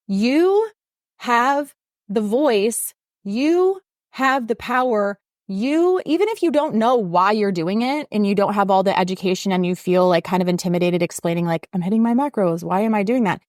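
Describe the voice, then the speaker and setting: A woman's voice: no echo, studio quality. A woman fitness coach hosting her own podcast, talking casually and emphatically, her voice jumping up when she gets fired up. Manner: animated, emphatic, rising pitch when fired up. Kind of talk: casual solo podcast talk.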